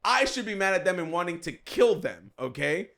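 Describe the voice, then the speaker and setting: A man's voice: high voice, moderate pace, vocal fry. A man co-hosting a podcast, telling a story in casual chat, acting out what others said and often laughing. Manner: animated, acts out quotes, frequent laughter. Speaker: podcast co-host.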